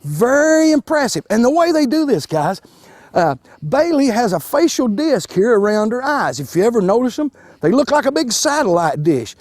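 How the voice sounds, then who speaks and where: A man, a wildlife educator giving a live demonstration to children, folksy and animated, restarting words with plenty of fillers. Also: very high-pitched, moderate pace, no echo. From Kentucky.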